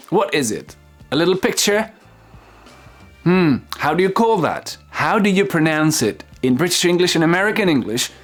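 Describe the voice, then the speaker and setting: Slow, animated male English teacher. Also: mid-range voice. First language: French. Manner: slow, exaggerated word-by-word modeling. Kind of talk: lesson for French speakers.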